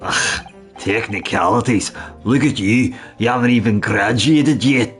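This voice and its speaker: A man voicing a hostile Scottish court officer in a game, with a loud, accusing delivery. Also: lowish voice, unhurried, faint music behind, voice pushed up. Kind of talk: voicing game characters on a stream.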